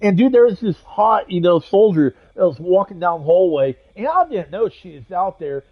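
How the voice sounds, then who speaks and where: A gaming streamer and army veteran tells an army story while playing, rambling and profane, full of fillers and restarts. His high-pitched, expressive voice keeps a moderate pace, and the audio sounds narrow and tinny.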